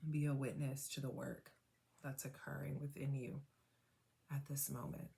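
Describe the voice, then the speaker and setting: This woman's voice rumbles low and stays level, with a warm tone. She guides a tapping meditation at a slow, calming pace, often checking in with "right?" and softening to a breathy whisper whenever she gives affirmations.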